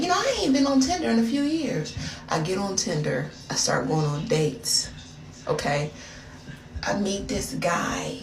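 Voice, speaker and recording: A woman's voice: low voice, echoey room, recorded from a distance, slight background noise. An American woman telling a dramatic, gossipy story straight to her viewers in a casual storytime vlog. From United States. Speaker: storyteller vlogger.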